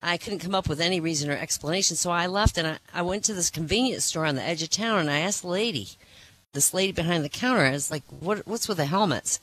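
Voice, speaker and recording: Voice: fast talker, poor audio. A comedian hosting a small cafe comedy night and telling jokes to a live crowd. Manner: animated, jumps into high voices for characters in jokes. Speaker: stand-up comedian and host. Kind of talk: stand-up joke telling.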